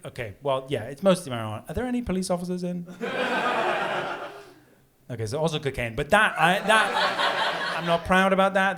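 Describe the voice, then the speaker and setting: A man in his thirties performing a stand-up comedy set, telling stories with lively, shrill indignant outbursts. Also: slight background noise. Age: 30s. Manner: animated storytelling, shrill outbursts when acting indignant. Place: pub comedy room with live audience. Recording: live pub gig with crowd laughter.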